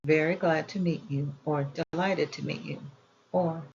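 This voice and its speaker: Woman reading with a gravelly edge. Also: deep voice, fairly even intonation, normal speed, a little mellow, muffled recording, a little hiss or hum. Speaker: audiobook reader. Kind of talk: reading an old etiquette book aloud.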